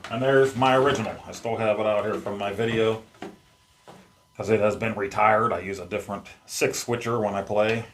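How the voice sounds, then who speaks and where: Guy with a lowish voice doing a chill unboxing vlog at home, rambly, faint hiss behind. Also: steady tone, normal speed. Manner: rambling, chatty, talks to himself while handling gear. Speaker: YouTube host. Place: at home among his game collection.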